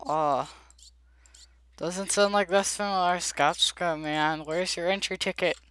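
A woman's voice: on the low side, fairly even intonation, takes it slowly, fairly bright tone, clear, resonant tone, dry recording. A woman giving casual gameplay commentary, chatty and jittery, pleading aloud with the characters and talking to her viewers. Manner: addresses viewers directly. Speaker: gameplay video creator.

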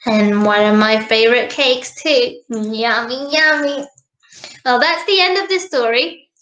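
A woman reading a picture book aloud to children in an animated, coaxing way. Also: a little high, moderate pace, echoey room, highs cut off. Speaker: storybook reader.

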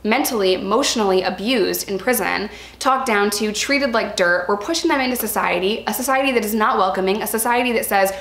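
A woman's voice: medium pitch, brisk, few pauses, a bit bright, roomy sound. A young woman speaking candidly about her own experience in a vlog, earnest and emphatic, repeating words for stress. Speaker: vlogger sharing personal experience. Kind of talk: candid personal vlog talk.

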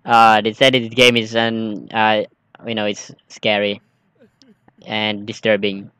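Jumpy bright-voiced man playing a game. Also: fairly low pitch, level tone, slow, clean tone, dry recording. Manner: jumpy, exclaiming, nervous chatter. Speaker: gaming streamer. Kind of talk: let's play commentary, reading game text aloud.

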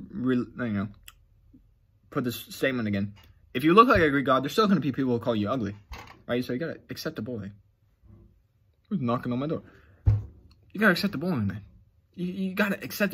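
A male vlogger rants at the camera, swearing through nearly every sentence. His voice is bright and husky, and his pitch swings widely as he gets exasperated. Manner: heavy swearing, blunt, exasperated. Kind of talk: casual profane rant to camera.

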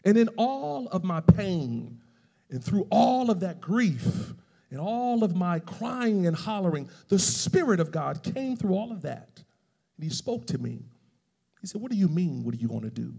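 A man preaches with a raised, gravelly voice that carries through a reverberant church hall. He shifts between personal storytelling and loud, emphatic preaching. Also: sits high, big pitch swings, a little slow. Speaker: pastor.

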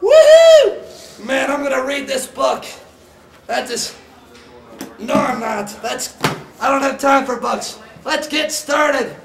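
A hammy, excitable man with a very high, gravelly voice announces awards in a goofy comic style. He shouts and whoops between jokey asides. He sounds a little off-mic in an echoey room. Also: a little slow, long pauses, far from the mic, background noise. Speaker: mascot show host.

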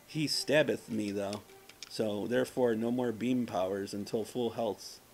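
A man's voice: on the low side, unhurried, vocal fry, darkish tone. A man casually commenting on his gameplay, profane and self-mocking, trash-talking the game's enemies. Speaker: let's play gamer.

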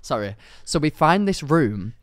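A young man co-hosting a podcast, telling a story in a rambling, animated way, full of fillers and laughs. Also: a little high, measured pace. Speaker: podcast co-host. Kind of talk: casual storytelling chat.

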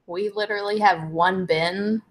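A woman's voice: mid-range voice, steady tone, measured pace. A woman joining a casual live stream with brief, matter-of-fact remarks.

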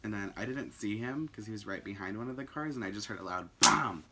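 A young man telling a story in a casual, animated way, full of "like" fillers and swearing. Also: lowish voice, fast, heavy background noise. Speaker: vlogger.

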